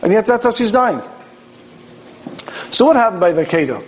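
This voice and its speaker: High-voiced man giving a storytelling sermon. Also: sing-song, moderate pace, slight background noise, rough recording. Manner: storytelling with rhetorical questions and acted-out dialogue. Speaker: rabbi teaching Torah. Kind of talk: Torah sermon.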